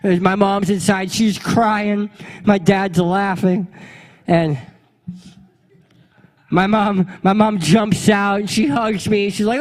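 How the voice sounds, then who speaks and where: High-voiced man telling a comic story. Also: steady tone, slow, long pauses, long reverb tail. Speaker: pastor. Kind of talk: storytelling sermon.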